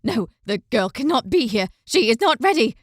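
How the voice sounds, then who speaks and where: A wild-eyed, half-mad old man, read by a woman with a high voice, talks in short, broken mutters as though half to himself. The fantasy audiobook voice sits close and dry, with no room around it. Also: sing-song, moderate pace, no room sound. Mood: rambling. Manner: clipped, fragmented muttering. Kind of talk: audiobook character voice.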